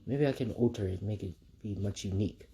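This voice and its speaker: A man doing a hushed, menacing young vampire ninja. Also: fairly low pitch, fairly quick, breathy edge. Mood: musing. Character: young male ninja turned vampire lord, calm and menacing.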